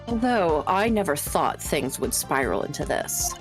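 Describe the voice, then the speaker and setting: A woman's voice: deep voice, sing-song, unhurried, over music, pitched below the performer's own voice. A woman voicing a smug, mocking female suspect from a game, with a teasing, unbothered delivery. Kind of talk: reading game dialogue aloud.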